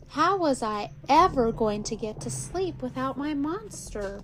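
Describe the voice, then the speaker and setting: A woman reading a children's picture book aloud in an expressive storytelling way. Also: high-pitched, measured pace, few pauses, faint music behind. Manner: expressive, lively character reading.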